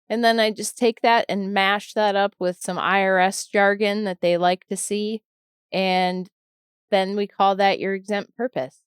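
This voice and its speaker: A woman's voice: mid-range voice, steady tone, normal speed, clean tone, dry recording, clean studio sound. A woman nonprofit attorney co-hosting a casual podcast chat, snarky and ranty, sounding a bit tired.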